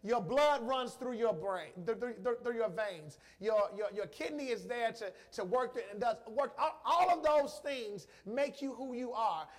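A man preaching a sermon, emotional and emphatic, repeating phrases and calling out to the congregation. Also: very high voice. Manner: emphatic, repetitive, slow emphasis; emotional, addresses congregation directly.

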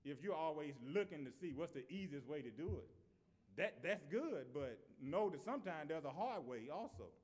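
A man's voice: on the high side, sing-song, normal speed, a little mellow. A man. He talks in a conversational way, often repeating and restarting his phrases as he goes. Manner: conversational preaching with repetitions and restarts. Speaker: preacher. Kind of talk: sermon.

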